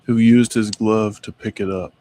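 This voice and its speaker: A man's voice: on the low side, fairly even intonation, moderate pace, mellow, slight background noise. A man co-hosting a casual talk, reading notes aloud and stumbling over names. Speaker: co-host reading Mandela effect notes. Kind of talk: casual chat.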